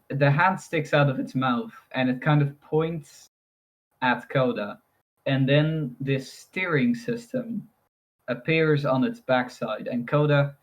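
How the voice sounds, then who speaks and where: A man's voice: mid-range voice, muffled recording. A man narrating a tabletop role-playing game as game master, improvising scenes with loose, rambling description.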